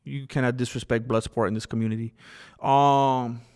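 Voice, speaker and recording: A man hosting a casual livestream, giving opinionated, animated commentary and reading out chat messages. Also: mid-range voice, normal speed, clean tone. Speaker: livestream host.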